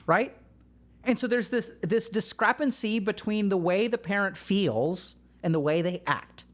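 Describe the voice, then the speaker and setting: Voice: medium pitch, unhurried. A psychiatrist giving reaction commentary on a TV episode, explaining things and speaking directly to viewers.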